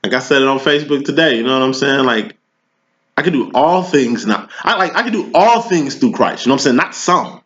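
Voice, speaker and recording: A man's voice: mid-range voice, expressive, fairly quick, a bit bright. A man giving a casual tarot reading, talking in slang and preaching, always checking in with "you know what I'm saying". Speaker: tarot reader. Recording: dull lo-fi recording.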